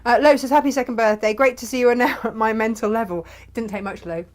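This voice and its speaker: A chatty woman in her forties hosts a live crafting show. She talks in a loose, rambling way with quick asides, often laughing between thoughts. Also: a little high. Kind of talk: casual live chat selling fabrics.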